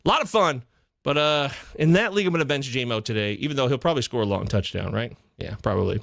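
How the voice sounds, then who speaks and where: A man hosting a live fantasy football chat in a jokey, excitable way, jumping from loud bursts to muttered asides. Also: medium pitch, fast, vocal fry, dry recording, studio quality. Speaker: podcast host.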